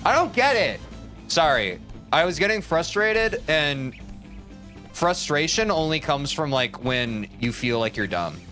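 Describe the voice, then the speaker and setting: A man's voice: fairly high pitch, expressive, measured pace, sharp tone, soft background music. A man streaming a platform game, joking and rambling at his chat and mocking himself. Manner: jokey, rambling, self-mocking, talks to chat. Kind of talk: casual live-stream commentary while playing.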